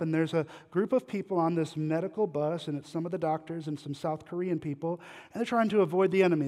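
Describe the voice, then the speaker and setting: The guest pastor here has a fairly high voice with a darkish tone. Preaching in a church sanctuary with long hall reverb, he tells conversational stories and puts questions to the congregation.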